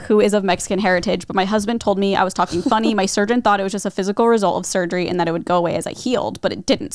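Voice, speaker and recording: A woman's voice: mid-range voice, dry recording, clean studio sound. A young woman co-hosting a podcast who chats casually, laughs often and says "like" a lot. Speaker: podcast co-host. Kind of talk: casual chat.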